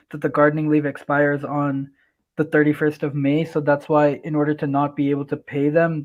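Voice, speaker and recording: A man joining a football livestream as a guest, calmly explaining a point in casual chat. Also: a little high, dull audio. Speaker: guest co-host.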